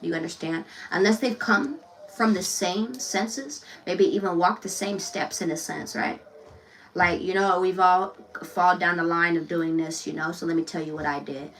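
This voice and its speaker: Her voice on the low side and steady, a woman reads tarot at a moderate pace in a relaxed, outspoken, talkative manner, cursing openly and often breaking into laughter. She's recorded from a distance on poor-quality audio, sitting back from the mic over a faint background hiss.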